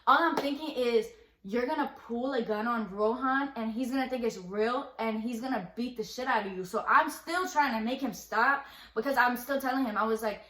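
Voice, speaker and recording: A young woman casually telling a storytime, rambling and animated, acting out what people said, full of slang. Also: a little high, moderate pace, echoey room. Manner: rambling, animated retelling with quoted dialogue and slang.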